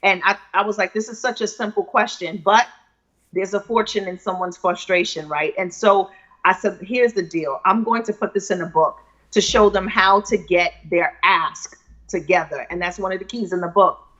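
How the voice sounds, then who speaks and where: A woman's voice: mid-range voice, moderate pace, fairly bright tone, muffled recording. A woman author being interviewed on a live video show, speaking in a confident, persuasive, motivational way.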